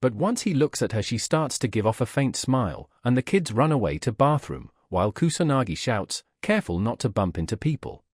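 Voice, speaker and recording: A man's voice: medium pitch, very animated, a little fast, few pauses, husky, no room sound, clean studio sound. A man narrating a comic recap in a scripted way, reading every part in one plain voice. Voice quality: reads all parts in one plain voice.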